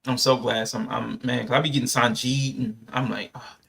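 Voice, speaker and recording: A man's voice: mid-range voice, a little fast, vocal fry. A man co-hosting a casual podcast, joking and laughing as he reacts to clips. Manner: laughing, animated, repeats jokes. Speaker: podcast co-host.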